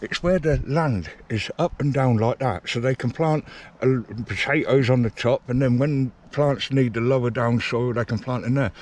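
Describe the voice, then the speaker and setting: A man giving chatty, excitable walking commentary to the camera as a railway enthusiast vlogger. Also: mid-range voice, normal speed. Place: outdoors on a path beside a railway line. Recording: outdoor street noise.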